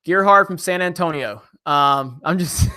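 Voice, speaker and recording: A young man hosting a casual live stream, reading viewer comments and joking with chat in an animated way. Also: a little high.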